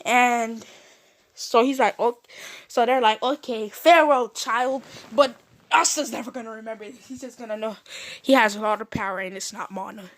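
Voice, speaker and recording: A young woman casually retelling a fan-made story, rambling with many fillers and slipping into quick character voices. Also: fairly high pitch, a bit bright.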